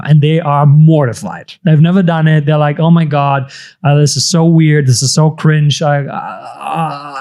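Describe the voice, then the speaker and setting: A man in his thirties, a business coach, explaining ideas in conversation and acting out inner voices with sudden high-pitched outbursts. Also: dark tone.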